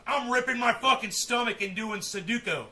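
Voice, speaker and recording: A man's voice: very high-pitched, moderate pace, bright, forceful tone. A man hosting a casual live stream, rambling and swearing, with testy, teasing banter with his viewers.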